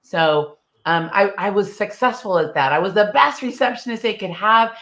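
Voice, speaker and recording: A middle-aged woman, an interview guest, telling her story in a bold, lively way and acting out the dialogue. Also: medium pitch, moderate pace, slight background noise. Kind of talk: casual storytelling.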